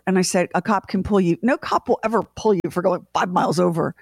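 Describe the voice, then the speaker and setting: A woman's voice: lowish voice, fast, vocal fry, no room sound, clean studio sound. A middle-aged woman co-hosting a morning radio show, retelling a family story dramatically with lots of restarts. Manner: animated, dramatic retelling with restarts and acted-out quotes. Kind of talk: casual on-air storytelling.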